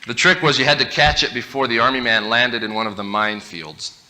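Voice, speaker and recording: A man giving a humorous storytelling talk, animated and self-mocking. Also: mid-range voice, a little fast. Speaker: speaker.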